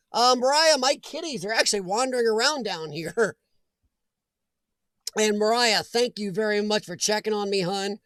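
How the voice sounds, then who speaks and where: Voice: medium pitch, a bit bright. A chatty host running a casual livestream from home, often breaking into laughter while greeting viewers by name. The voice sits mid-range and sounds dry and close, with no room echo.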